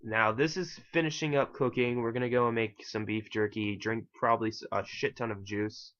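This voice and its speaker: Male gaming host, bright voice, rambling, self-mocking, casual swearing, dull home-mic sound. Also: medium pitch, steady tone, moderate pace. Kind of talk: casual gameplay commentary.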